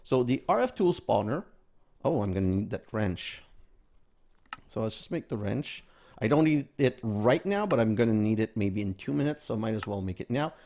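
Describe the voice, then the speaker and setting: Gravelly man narrating his modded gameplay. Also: fairly low pitch, lively intonation, moderate pace, darkish tone. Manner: thinks aloud, counts items under his breath. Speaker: gaming video host. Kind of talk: casual game commentary.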